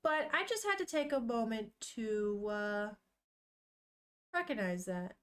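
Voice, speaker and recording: Chatty woman streamer, slightly high voice. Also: animated, unhurried, fairly bright tone. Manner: chatty, swears casually, talks to viewers. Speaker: streamer reading manga. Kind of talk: casual live-stream chat and read-along.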